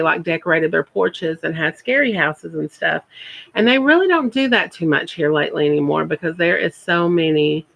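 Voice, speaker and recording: A woman's voice: fairly low pitch, gravelly, highs cut off. A woman, chatting casually on her first live stream and repeating words for emphasis.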